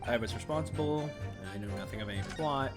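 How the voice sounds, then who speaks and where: A man's voice: medium pitch, fast talker, over loud music, lightly acted. A man reading a video game aloud, voicing a stiff, formal former chief prison warder in a clipped manner. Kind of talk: video game voice acting on stream.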